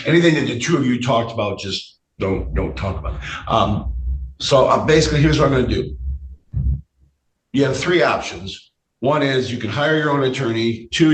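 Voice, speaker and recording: Hoarse judge in an echoey courtroom. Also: male voice, medium pitch. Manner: measured, repeats phrases, frequent fillers. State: losing his voice. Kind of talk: courtroom hearing. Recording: echoey room, distant mic, faint noise.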